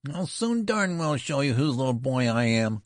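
A man voicing an old man turned into a boy, barking pompous orders in a shrill treble. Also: expressive, brisk, no echo, studio quality. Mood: shrill commanding. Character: old man grown young into a boy, fierce and indignant.

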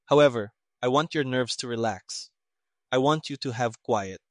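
A quietly menacing detective, read by a man, soft-spoken and courteous in a storybook telling. His speech is measured and unhurried. The recording is dry and close. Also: medium pitch, dry recording, close to an everyday voice. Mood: calm. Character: calm, polite male detective, quietly menacing.

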